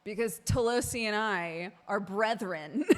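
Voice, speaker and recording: A woman's voice: mid-range voice, lively intonation, normal speed, a little hiss or hum. Giggly chatty woman streamer. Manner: giggly, chatty, laughs often. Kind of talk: casual live-stream chat.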